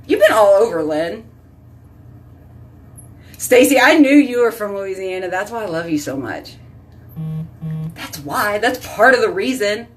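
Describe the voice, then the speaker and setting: A woman's voice: medium pitch, expressive, unhurried, long pauses, distant mic, faint music behind. A woman hosting a casual live stream, chatting with viewers by name and rambling from topic to topic. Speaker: host reading live chat.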